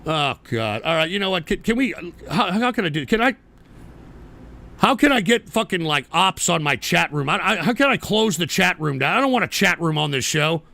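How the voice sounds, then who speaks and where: A man hosting a live-streamed political talk show, cursing and ranting at chat trolls, jumping between shouts and low grumbles. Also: expressive, a little fast, vocal fry.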